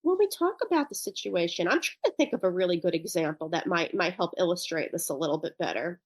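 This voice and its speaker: A woman's voice: fairly low pitch, animated, quick pace, dry recording. A woman guest on a parenting podcast interview, explaining her work with parents in a thoughtful, loosely rambling way with restarts. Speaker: guest who works with parents.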